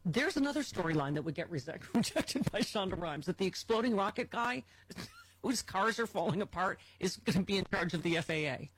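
A woman hosting a comedic political talk radio show, jokey and quick with the banter. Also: medium pitch, expressive, a little hiss or hum.

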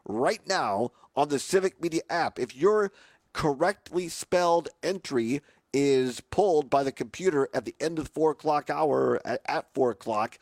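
A male radio host with a hoarse, raspy voice and a slightly raised pitch talks live from a remote broadcast. He chats in an upbeat way, full of fillers and restarts. The sound is dry and close, with little room around it. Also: darkish tone, no echo. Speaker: radio talk show host.

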